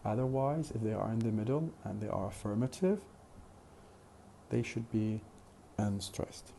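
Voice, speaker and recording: A low-voiced man, gravelly yet mellow, lectures animatedly about phonetics, keeping his pace slow and careful. He goes over his example phrases repeatedly and keeps stopping on "uh" mid-explanation. Underneath, a faint hiss can be heard.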